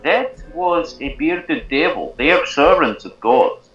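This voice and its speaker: A man's voice: a little high, animated, slow, fairly bright tone, soft background music. A man playing a tabletop game, chatting in a wry, lecturing way. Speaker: player. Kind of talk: casual tabletop game chat. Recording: echoey room, dull lo-fi sound.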